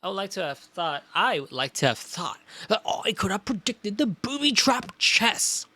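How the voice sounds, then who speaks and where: Theatrical Victorian gentleman detective, read by a woman streamer, lively swooping delivery. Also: mid-range voice, normal speed, voice pushed up. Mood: rueful. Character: flamboyant male Victorian detective.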